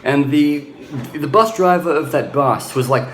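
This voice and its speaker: A man's voice: a little high, unhurried, hardly any pauses, a bit bright, slight background noise. Blunt ranting man in an echoey room. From Australia. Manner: blunt, ranting, restarts often. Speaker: travel vlogger. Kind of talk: casual travel vlog.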